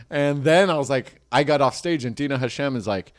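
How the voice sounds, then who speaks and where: A man's voice: medium pitch, a little fast. A young man, a comedian and podcast host, telling a rambling, self-mocking story in casual chat.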